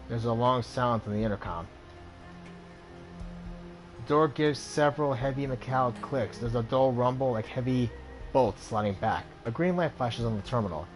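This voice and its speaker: A man hosting a let's play, reading game text aloud in a relaxed way with small slips. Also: mid-range voice, moderate pace, faint music behind.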